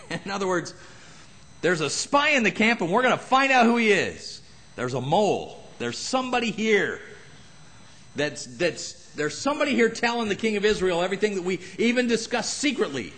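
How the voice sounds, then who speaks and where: A man preaching a sermon in a church, acting out the people in the passage and adding humorous asides. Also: normal speed. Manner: animated, acts out Bible characters with jumps in pitch. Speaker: pastor. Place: church sanctuary.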